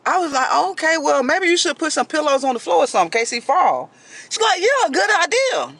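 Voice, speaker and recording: Storyteller, man, high and sharp-toned, animated casual storytime. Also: fast talker. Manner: animated, dramatic retelling with quoted voices.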